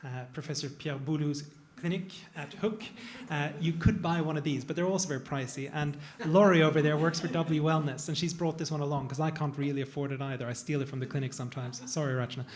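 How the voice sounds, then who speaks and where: A man's voice: on the high side, steady tone, quick pace, hardly any pauses. A man, a plastic surgeon, talking casually on a panel to a live audience, digressive and self-deprecating. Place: event room with an audience.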